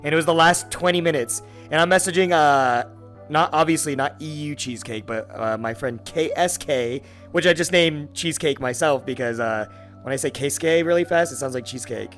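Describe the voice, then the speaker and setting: A young adult man hosting a podcast, telling a story in a casual, excitable way with heavy swearing and lots of fillers. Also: fairly high pitch, brisk, faint music behind. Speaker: podcast host.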